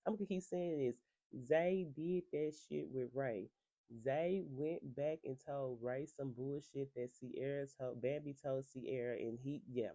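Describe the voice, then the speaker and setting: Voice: medium pitch, mellow, dry recording, dull audio. A reality TV recapper in a casual, gossipy talk, profane and sassy and laughing often.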